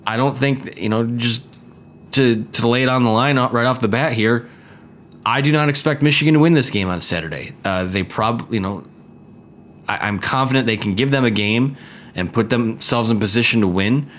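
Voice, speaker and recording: A man talks alone into the mic for his sports podcast, his voice nasal and sniffly from a cold. He speaks at an easy middle pitch, loose and conversational, often restarting a thought. There is a faint hiss of noise behind him. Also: normal speed, a bit bright. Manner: conversational, frequent fillers and restarts. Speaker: podcast host. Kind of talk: solo sports podcast talk.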